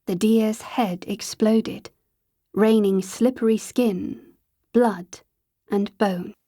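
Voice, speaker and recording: A woman narrating an audiobook in a scripted reading, slowing to a drawn-out, dreamy pace in the hazy passages. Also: mid-range voice, steady tone, warm tone, no echo, clean studio sound.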